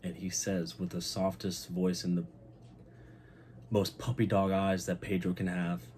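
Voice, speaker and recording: A young man hosting his channel, recapping a TV episode in a casual, excited and heartfelt way, swearing freely. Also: deep voice, unhurried, slight background noise. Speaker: channel host.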